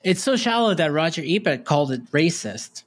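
A man's voice: a little high, sing-song, a little fast. A man co-hosting a podcast, chatting casually and agreeing with brief replies. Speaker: podcast co-host.

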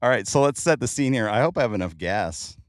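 A middle-aged man hosting a casual podcast chat in a car, joking and excitable, with many fillers. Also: medium pitch, fast, no room sound, clean studio sound. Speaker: podcast host. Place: in a car in traffic.

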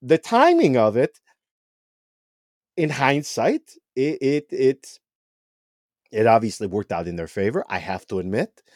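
Animated man on a dry close mic. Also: medium pitch, no room sound. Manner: animated, quick restarts and repeated words. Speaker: football podcast host. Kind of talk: casual podcast chat. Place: home room with TV on.

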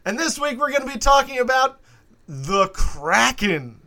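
A man co-hosting a comedy podcast about monsters, trading playful deadpan jokes in casual banter. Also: very high voice, unhurried. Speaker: co-host.

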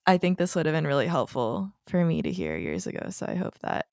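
A woman's voice: low-pitched, big pitch swings, a little fast, vocal fry, a little mellow, no room sound, clean studio sound. A young woman co-hosting a podcast, speaking in an earnest, reflective way and giving practical tips in casual conversation. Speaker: podcast co-host. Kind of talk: casual chat.

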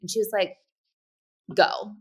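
A woman in her thirties, a podcast co-host chatting casually and acting out quoted lines with sudden pitch jumps. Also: moderate pace, fairly bright tone. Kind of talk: casual chat.

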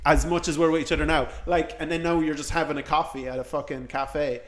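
A man's voice: a little high, flat delivery, fast talker. A man hosting a podcast, telling a story in casual chat. He swears freely and acts out the quotes. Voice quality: swears freely, tells anecdotes with acted-out quotes. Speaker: podcast host.

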